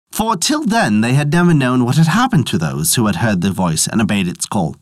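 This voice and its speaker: A storyteller narrating a folk tale in a scripted, animated telling with wide swings of pitch. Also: no room sound, clean studio sound.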